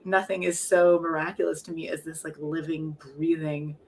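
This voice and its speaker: A woman's voice: low voice, flat delivery, normal speed, slight background noise. A middle-aged woman, a poet and professor, talking frankly and reflectively in an interview, often laughing at herself. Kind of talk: candid conversational interview.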